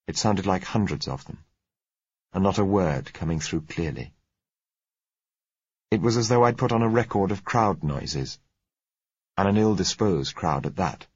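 A man reading a first-person novel aloud as an audiobook narrator, in a measured, tense storytelling manner, on a dull, lo-fi recording. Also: low-pitched, slightly rough, no room sound.

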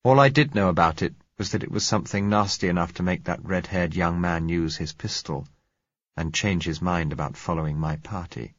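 Deep, husky man narrating a novel. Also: no echo, muffled recording. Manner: measured, reflective, rising in heated dialogue. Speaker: audiobook narrator. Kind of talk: first-person novel narration.

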